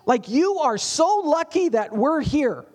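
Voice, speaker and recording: A man's voice: extremely high pitch, very animated, takes it slowly, darkish tone, pitched above the performer's own voice, exaggerated voice. A man voicing an eager, impulsive male disciple who boasts and blurts without being asked. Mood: eager, boastful. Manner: boastful, overeager.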